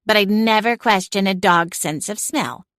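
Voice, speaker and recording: A woman voicing a haughty, sharp-tongued female cat in a storybook reading, cool and disdainful. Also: mid-range voice, moderate pace, no room sound, clean studio sound, lightly acted.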